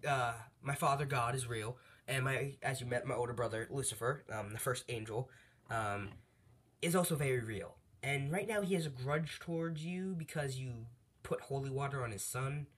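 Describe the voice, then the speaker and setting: A man's voice: mid-range voice, moderate pace, a bit bright, husky. A man doing a stern elder angel brother. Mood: explaining. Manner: firm, lecturing.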